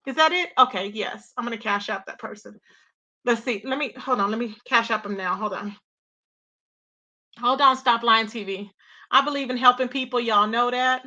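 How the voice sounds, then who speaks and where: A woman gives casual, opinionated commentary to her viewers. Her voice sits high and sounds bright and forceful. She talks in a loose, chatty way, often checking in with the audience. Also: moderate pace, muffled recording. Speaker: commentary livestream host. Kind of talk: casual drama commentary talk.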